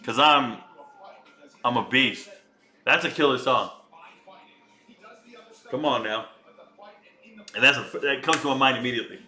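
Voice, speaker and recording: Bright, joking man streamer chatting live. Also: mid-range voice, measured pace, pauses often. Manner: joking, chatty, talks to viewers. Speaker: streamer reacting to a fight. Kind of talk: casual live reaction chat.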